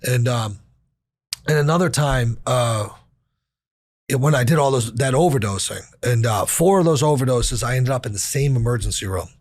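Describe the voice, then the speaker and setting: A man's voice: mid-range voice, moderate pace, no echo, studio quality. A man in his thirties telling a candid personal story in casual conversation, swearing casually and acting out quoted dialogue. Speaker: podcast guest.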